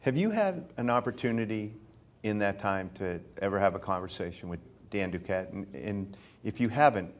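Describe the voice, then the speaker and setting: A man hosting a sit-down interview, easygoing and quick to laugh. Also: lowish voice, animated.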